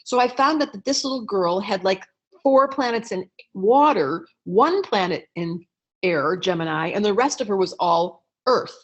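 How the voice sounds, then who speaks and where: A middle-aged woman astrologer telling a story to an audience in a lively way, acting out quoted lines and clearing her throat now and then. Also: moderate pace. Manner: lively storyteller, acts out quotes with raised pitch. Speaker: astrologer and teacher.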